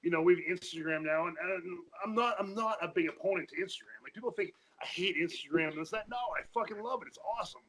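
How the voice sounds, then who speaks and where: Fast, bright-voiced man. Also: high-pitched, a little hiss or hum, rough recording. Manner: fast, profane, repeats himself in restarts. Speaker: podcast guest, former powerlifter. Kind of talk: casual chat.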